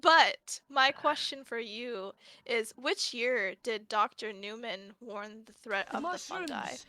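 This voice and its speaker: A woman's voice: fairly high pitch, measured pace, bright, forceful tone. A woman moderating a fan panel, chatty and light, reading out quiz questions and laughing easily. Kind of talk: casual panel discussion.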